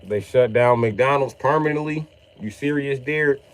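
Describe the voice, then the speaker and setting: A man's voice: medium pitch, moderate pace. A young man streaming live, casually reading comments and mock-scolding a viewer by name. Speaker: livestream host.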